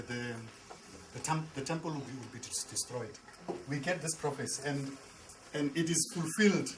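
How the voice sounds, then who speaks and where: A man's voice: mid-range voice, a little hiss or hum, low-quality recording. A man, a pastor, teaching a Bible class. He repeats and restarts words and asks the class questions. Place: classroom with a board.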